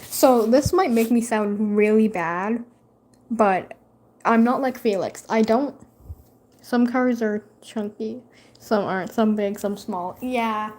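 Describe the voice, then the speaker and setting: Casual woman vlogger, talks to camera at home, swears and teases her cat, a touch high. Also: slow, a little mellow. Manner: profane, teasing talk to her cat.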